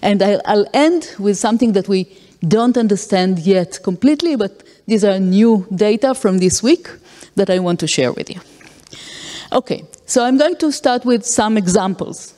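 A woman lectures in a mellow, dark-toned voice, working through examples and stopping on fillers. Her voice carries a long reverb, as in a large lecture hall. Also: medium pitch, expressive, normal speed. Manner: explains with acted-out examples and frequent fillers. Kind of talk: academic lecture.

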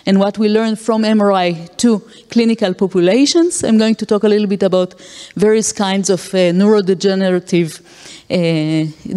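A woman's voice: medium pitch, dark tone. A woman giving an academic lecture, explaining with acted-out examples and frequent fillers. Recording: long hall reverb.

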